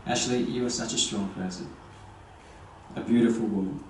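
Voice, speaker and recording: Earnest young groom reading vows. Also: male voice, on the low side, fairly even intonation, moderate pace. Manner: earnest and tender, with light humor. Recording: echoey distant venue sound with ambient noise.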